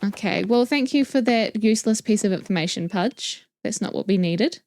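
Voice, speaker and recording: A woman's voice: mid-range voice, animated, moderate pace, darkish tone, no echo. A woman with a New Zealand accent giving chatty, playful commentary while playing a video game. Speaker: let's play host. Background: game music.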